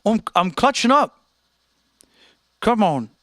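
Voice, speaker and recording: Man doing a brash Australian teen boy, boastful, repetitive, raised pitch, bright voice, dry sound. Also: sing-song, slow, dry recording, full character voice. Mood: cocky. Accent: attempted Australian. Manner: boastful, repeats himself. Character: cocky Australian teen boy chess player.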